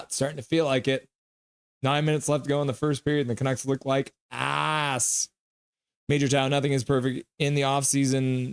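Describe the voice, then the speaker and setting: A man hosting a live stream, reacting to a game and joking with his chat in an animated way. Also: mid-range voice, clean tone, no room sound.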